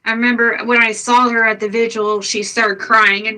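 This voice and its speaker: A woman's voice: on the high side, steady tone, moderate pace, hardly any pauses, pushed and bright, low-quality recording. An older woman chatting casually on a livestream, blunt and exasperated, swearing freely as she vents. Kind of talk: casual chat.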